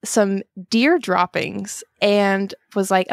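A young woman in her twenties, a podcast guest, talking warmly and emotionally with frequent laughter. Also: mid-range voice, steady tone, takes it slowly, vocal fry, hardly any pauses, no echo, studio quality. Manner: warm, emotional and laughing often. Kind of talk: podcast interview.

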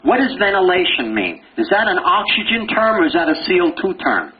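Animated older man lecturing on lo-fi tape. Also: high voice. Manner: animated, quizzing students with rapid questions and jokes. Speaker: pathology lecturer. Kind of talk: lively classroom lecture. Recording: dull lo-fi lecture recording with faint hiss.

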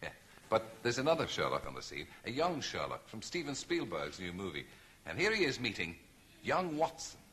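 A man hosting a TV chat show in front of a live audience, teasing his guests with quick banter. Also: lowish voice, wildly swooping pitch. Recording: loud studio audience and noise. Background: audience laughter.

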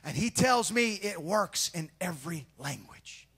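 A male pastor preaching a sermon in a church, swinging between quieter asides and shouted, sing-song peaks. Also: high voice, expressive, unhurried, breathy edge. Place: church sanctuary.

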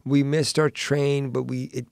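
Gravelly-voiced man telling a story. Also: mid-range voice, measured pace. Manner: animated storyteller who acts out quoted voices. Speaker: podcast host. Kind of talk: casual chat, storytelling.

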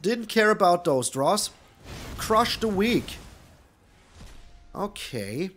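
A man's voice: high-pitched, very animated, very slow, a bit bright, faint music behind. A man hosting a gaming channel, giving live gameplay commentary with theatrical groans and pleas at his opponent.

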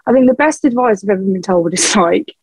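A woman's voice: medium pitch, animated, a little fast, dry recording, low-quality recording. A young woman, a band's vocalist, chatting frankly as a podcast guest, laughing often and swearing casually. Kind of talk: casual chat.

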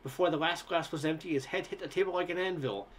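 A man narrating a story aloud in a relaxed storytelling manner, with occasional stumbles. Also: a little high, fast, slight background noise. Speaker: story reader. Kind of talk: audiobook narration.

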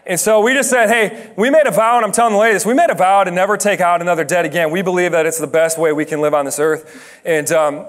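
A young man giving a chatty, joking sermon that tells a story and builds to shouted emphasis. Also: sits high, fairly even intonation, fast. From Dutch heritage. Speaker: guest preacher.

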